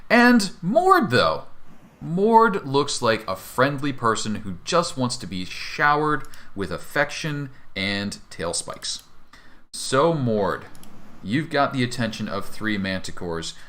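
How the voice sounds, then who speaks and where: A man's voice: mid-range voice, very animated, takes it slowly, a bit bright. A man running a tabletop game as dungeon master, with upbeat, playful narration.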